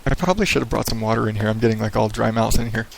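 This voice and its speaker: A man's voice: lowish voice, steady tone, very fast, creaky. A man hosting his own podcast in a casual, rambling and profane way, speaking in a radio-style voice into a headset mic in a small echoey home office with hardwood floors. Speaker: podcast host. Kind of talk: casual solo podcast monologue. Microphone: headset microphone.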